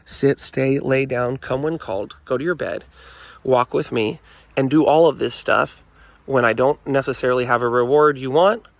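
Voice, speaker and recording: Gravelly, forceful man coaching dog owners. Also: mid-range voice. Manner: earnest, repeats "folks" and "you know". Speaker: dog trainer. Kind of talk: casual instructional talk to camera. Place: indoors with dogs nearby.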